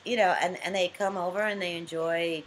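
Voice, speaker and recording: A woman's voice: on the low side, steady tone, brisk, slight background noise. Chatty woman hosting a video call. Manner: chatty, laughs often, many restarts. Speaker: host. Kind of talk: casual video-call chat.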